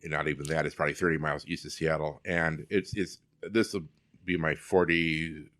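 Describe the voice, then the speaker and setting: Low-voiced older man, rambling. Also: flat delivery, brisk, fairly bright tone. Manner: rambling, digressive storyteller. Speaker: guest, fair performer. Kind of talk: casual interview chat.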